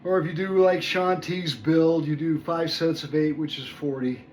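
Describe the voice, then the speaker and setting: A man's voice: on the high side, fairly even intonation, moderate pace, far from the mic. Winded man in his sixties counting reps. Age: 60s. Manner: groans and mutters between sets, chatty asides. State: out of breath. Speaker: fitness vlogger. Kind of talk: workout vlog, counting reps aloud. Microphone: phone camera set at a distance. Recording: echoey room, phone from afar, background noise.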